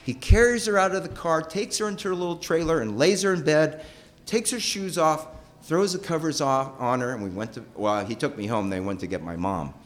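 A middle-aged man telling a personal story with emotion. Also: fairly quick. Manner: emotional, animated, pitch rising and falling sharply.

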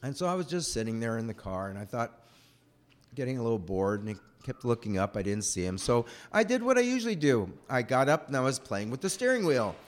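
A man telling a personal childhood story in a rambling, animated way. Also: mid-range voice, fairly quick. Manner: animated, rambling, acts out voices.

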